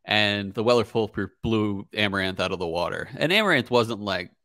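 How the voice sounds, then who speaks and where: A man co-hosting a podcast, talking in a relaxed, hesitant way. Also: fairly low pitch, brisk, no room sound, studio quality. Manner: relaxed, hesitant, lots of fillers. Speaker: podcast co-host. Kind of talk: casual chat.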